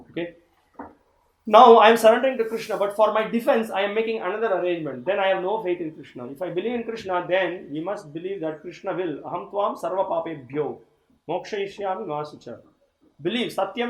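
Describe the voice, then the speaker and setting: A man's voice: sits high, roomy sound, rough recording. A man teaching a scripture course, reading passages aloud and commenting on them. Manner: reads aloud and comments, with laughs. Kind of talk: scripture class lecture.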